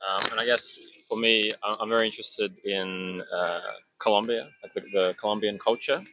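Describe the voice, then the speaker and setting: A man's voice: on the low side, steady tone, moderate pace, sharp tone, slight background noise, rough recording. A man asking questions as the interviewer, hesitant with fillers.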